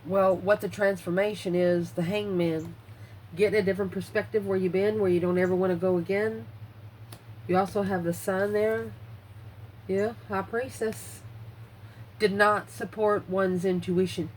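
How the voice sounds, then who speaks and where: A woman's voice: medium pitch, fairly even intonation, normal speed, a little mellow, a little hiss or hum, low-quality recording. A woman giving a casual tarot reading, blunt and swearing freely, out of breath as she muses over the cards. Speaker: tarot reader.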